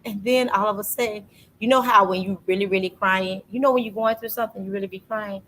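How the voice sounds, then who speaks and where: A woman hosting a casual faith talk, telling a personal story with lively energy and acting out what people said to her. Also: medium pitch, quick pace, rough recording. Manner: animated storytelling, acts out quoted voices. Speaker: podcast host. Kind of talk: casual faith testimony chat.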